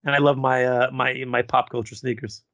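A man's voice: medium pitch, level tone, moderate pace, a bit bright, dry recording. A middle-aged man co-hosting a casual fan podcast, rambling with fillers and restarts. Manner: rambling with fillers and repeated starts. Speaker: podcast co-host.

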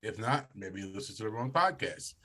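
A man's voice: on the low side, expressive, brisk, bright, forceful tone. A man co-hosting a casual podcast, joking crudely and swearing. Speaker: podcast co-host.

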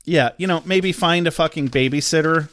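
A man's voice: on the high side, normal speed, a bit bright. A man co-hosting a podcast, recapping an episode with wry jokes and frequent swearing. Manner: wry, joking, swears freely. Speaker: podcast co-host.

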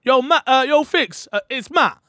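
A man putting on an eager male gamer friend who calls in with quick, upbeat greetings. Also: extremely high pitch, animated, pushed and bright, no echo, clean studio sound, pitched above the performer's own voice, full character voice.

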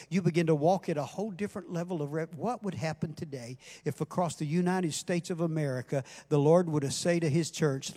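An older man giving a passionate sermon as guest preacher, rising in volume and dropping back to quiet questions. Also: on the high side, fairly even intonation, fast talker, few pauses. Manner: passionate, builds in volume, then drops to questions. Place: church. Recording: music playing underneath.

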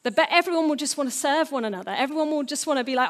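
A woman's voice: high-pitched, lively intonation, racing. A woman giving a sermon, earnest and storytelling, with playful asides. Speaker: preacher.

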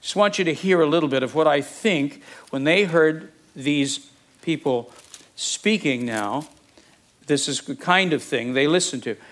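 A man preaches to his congregation. His voice sits a little higher than most men's. He talks conversationally, breaking off into asides and jokes as he goes. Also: measured pace, fairly bright tone. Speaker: pastor. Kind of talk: sermon.

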